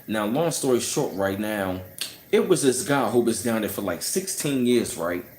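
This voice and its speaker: A man's voice: lowish voice, expressive, moderate pace, darkish tone, slight background noise. A man telling a personal story in a casual, heated rant, scornful and full of "you know what I'm saying". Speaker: channel host. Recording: roomy echo.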